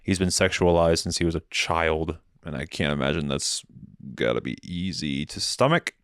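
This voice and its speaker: A man's voice: extremely low pitch, normal speed, a bit bright, clear, resonant tone, no room sound. A man hosting a comedy podcast, rambling through a casual, profane, sardonic monologue into a close mic. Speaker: podcast host.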